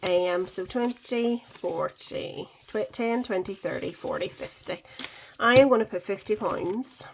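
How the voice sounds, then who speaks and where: A woman chatting casually in a budgeting vlog, counting money out loud and correcting herself as she goes. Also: mid-range voice, normal speed, slight background noise, rough recording. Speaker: budgeting vlogger. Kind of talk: casual cash-stuffing vlog.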